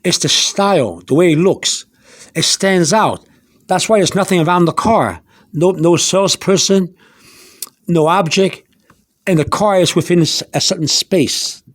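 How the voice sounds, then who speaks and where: Slow, high-voiced man teaching vocabulary. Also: dry recording, studio quality. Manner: slow and repetitive, spells words out letter by letter; meandering, with many restarts and fillers. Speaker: Spanish teacher. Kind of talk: informal vocabulary lesson.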